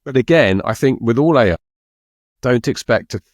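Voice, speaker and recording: A man's voice: medium pitch, expressive, dry recording, clean studio sound. A middle-aged man co-hosting a podcast, chatting casually and often restarting his sentences. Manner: halting, with frequent restarts. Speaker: podcast co-host. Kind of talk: casual chat.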